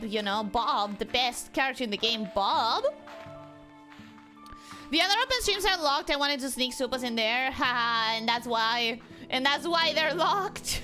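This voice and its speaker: Bubbly young woman streamer, high sing-song voice, game music going behind her. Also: expressive, unhurried. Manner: bubbly, chatty, talks to chat. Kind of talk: casual game stream chat.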